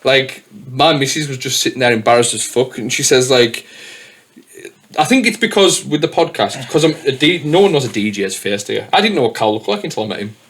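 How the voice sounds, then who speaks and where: Bloke hosting a podcast, rambly and sweary, just chatting. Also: male voice, mid-range voice, animated, a little fast, a bit bright. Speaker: podcast host. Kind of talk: casual chat.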